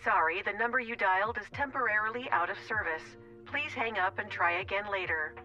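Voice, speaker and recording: A woman voicing a cold, mechanical automated phone message, spoken flat and quick. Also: medium pitch, dull audio, faint music behind, natural voice.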